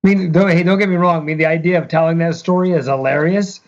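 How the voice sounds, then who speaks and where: A man with a somewhat high voice co-hosts a casual podcast, chiming in and reacting to a story. He talks loosely and plainly. The audio sounds dull and lo-fi. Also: fairly even intonation, fast, a little hiss or hum. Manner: reactive, chiming in with short interjections. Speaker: podcast co-host. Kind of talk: casual chat.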